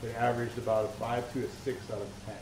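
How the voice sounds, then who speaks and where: A man in a casual gaming chat, talking through a game in a relaxed way full of ums and likes. The sound is roomy and his voice sits some distance from the mic, over faint ambience. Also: mid-range voice, fast talker, noisy background. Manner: relaxed, filler-heavy explaining. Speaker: podcast co-host reviewing a game.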